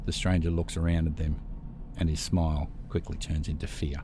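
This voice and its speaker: A man narrating a horror story script in a steady, measured way. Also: rumbling low, a little hiss or hum.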